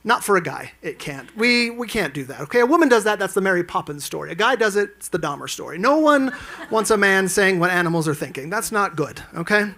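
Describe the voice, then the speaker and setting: A man performs a stand-up set at a live event lounge. His voice sits high and rings bright. He tells his stories animatedly and acts out the quotes. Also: fairly quick. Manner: animated storytelling, acting out quotes with sudden jumps in pitch. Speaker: stand-up comedian.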